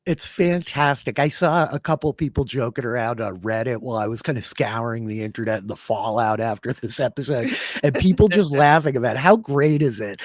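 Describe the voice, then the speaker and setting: A man co-hosting a casual podcast, talking enthusiastically and quickly about a television series. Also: medium pitch, dry recording, studio quality. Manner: enthusiastic, fast plugs and excited asides. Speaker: podcast co-host.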